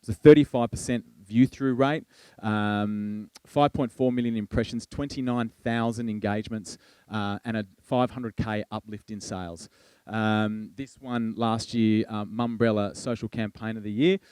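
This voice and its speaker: Man, keynote speaker, relaxed delivery with fillers, resonant voice, dry close mic. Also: lowish voice, moderate pace, clean tone, no echo. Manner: conversational, with frequent fillers and restarts. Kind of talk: conference presentation.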